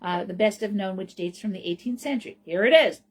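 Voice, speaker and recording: A woman's voice: medium pitch, brisk. A middle-aged woman hosting a radio show alone, talking casually and rambling with many ums and restarts. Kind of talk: casual solo talk.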